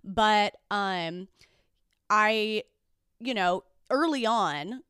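Smooth-voiced woman co-hosting a chat podcast. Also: mid-range voice, drawn-out words, a bit bright, no echo, studio quality. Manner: reflective, thinks aloud with many fillers. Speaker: podcast co-host. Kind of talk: casual chat.

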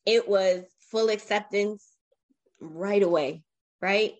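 A woman's voice: mid-range voice, slow pace. Woman telling a heartfelt personal story. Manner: animated, emotional retelling with many restarts. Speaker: interview guest. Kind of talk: personal storytelling in a podcast interview.

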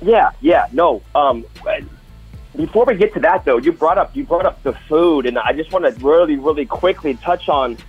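Husky-voiced male co-host, enthusiastic storyteller, muffled audio. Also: a little high, expressive, normal speed, faint music behind. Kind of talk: casual sports talk.

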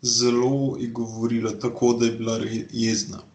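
A man's voice: medium pitch, completely flat delivery. Hesitant male language learner. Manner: hesitant, halting translations. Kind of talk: repeating phrases in translation.

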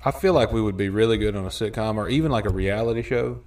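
Podcast co-host, male, low voice, easygoing, sits back from the mic. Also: quick pace, darkish tone. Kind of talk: casual chat. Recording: voice a bit distant from the mic.

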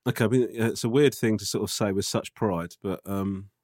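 A man's voice: lowish voice, fairly even intonation, moderate pace, a little mellow, no room sound, studio quality. A man co-hosting a casual podcast, telling a story, swearing and laughing often. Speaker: podcast co-host.

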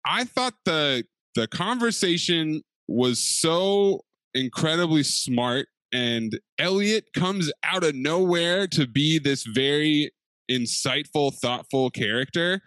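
A man co-hosting a podcast, talking in an animated, jokey way about a TV show. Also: a little high, slow, no room sound. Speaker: podcast co-host. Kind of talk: casual chat about a TV show.

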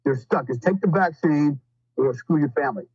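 A man with a fairly high, husky voice chats as a podcast guest, rambling through stories with blunt, profane asides. His delivery is loose and full of fillers. The audio is a little dull and dry. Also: normal speed, a little mellow, no room sound. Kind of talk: casual storytelling.

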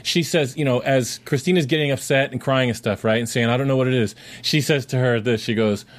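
Animated man in casual talk-show chat. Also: brisk. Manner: animated, retells scenes in quoted voices, rises high when arguing. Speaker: co-host.

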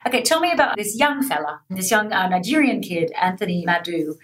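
A woman hosting an interview, quick to joke and tease as she asks her questions. Her voice sits in an ordinary middle range and stays casual throughout. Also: medium pitch. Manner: lively, playful questioning.

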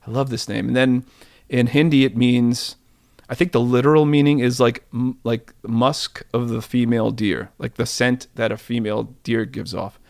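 A man in his forties, a podcast guest, chatting casually and telling rambling, animated stories with many restarts. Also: medium pitch, normal speed, gravelly, no echo, studio quality. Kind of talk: casual interview chat.

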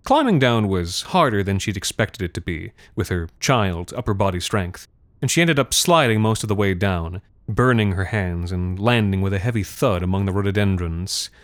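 A man's voice: low voice, animated, normal speed, no echo, studio quality. A man narrating a darkly comic story in a wry, theatrical manner. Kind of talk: scripted narration.

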